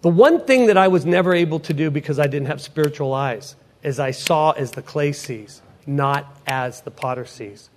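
A middle-aged man, a potter and evangelist, delivers an emphatic sermon testimony, repeating key phrases and swinging between soft and loud. His voice is a little high, his pace moderate with few pauses, and there's slight background noise.

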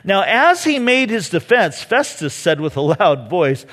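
A man's voice: high-pitched, animated, normal speed, hardly any pauses, a bit bright, in a large hall. A man preaching a sermon, who keeps acting out the voices of the people he quotes. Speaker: pastor.

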